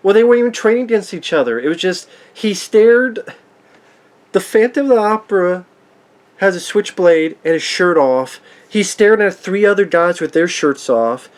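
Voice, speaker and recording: A man's voice: high voice, lively intonation, normal speed, rough recording. Sarcastic man riffing on a movie. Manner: sarcastic, swearing, incredulous. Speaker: movie reaction commentator. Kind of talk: casual profane movie commentary.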